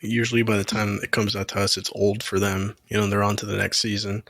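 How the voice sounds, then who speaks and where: A man's voice: lowish voice, little pitch movement, fast talker, a bit bright, no room sound, clean studio sound. A man co-hosting a podcast in casual chat, easygoing and agreeable as he tells a story. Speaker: podcast co-host.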